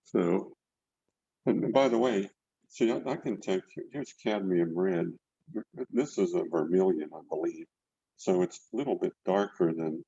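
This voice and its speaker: Over a video call, an older instructor demonstrates painting in his indoor studio, talking loosely and saying words again as he goes. He sits low in pitch, with a gravelly, warm, husky voice. The recording has no echo, and the call mic trims the highs.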